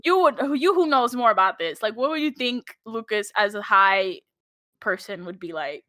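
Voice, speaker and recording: A woman's voice: medium pitch, animated, normal speed, pushed and bright, dry recording, clean studio sound. A young woman co-hosting a podcast, chatting playfully, laughing often and acting out quoted lines. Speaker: podcast co-host. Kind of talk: casual chat.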